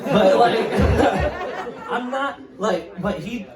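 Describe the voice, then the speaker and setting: A man's voice: high voice, animated, extremely slow, distant mic, very noisy. A young man doing a stand-up set, rambling and profane, laughing at his own stories. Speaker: stand-up comedian. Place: comedy club stage. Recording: roomy stage mic, heard from afar, audience. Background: crowd laughing.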